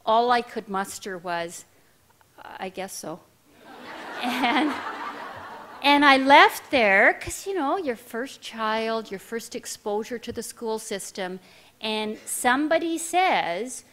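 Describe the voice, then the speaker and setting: A woman's voice: on the high side, animated, slow pace, fairly bright tone. A middle-aged woman giving a speech, telling a personal story to an audience in a candid, self-deprecating way. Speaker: keynote speaker.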